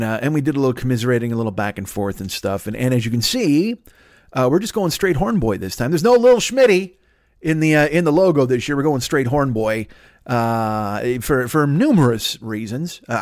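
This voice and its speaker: A podcast host in his forties riffs through a rambling, profane comedy monologue that keeps looping back on its own bits. His voice is medium-pitched and a little mellow, with clean studio sound and no room sound.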